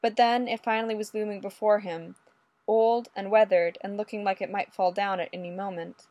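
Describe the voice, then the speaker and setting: A woman narrating a story aloud in a lively, expressive way. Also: mid-range voice, normal speed, no echo. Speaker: audiobook reader.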